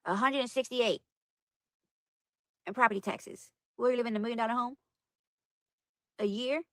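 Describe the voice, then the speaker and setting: A woman's voice: fairly high pitch, fairly even intonation, normal speed, no room sound. A woman livestreaming casual chat to her viewers, rambling and exasperated, repeating herself as she talks. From United States. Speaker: livestream host.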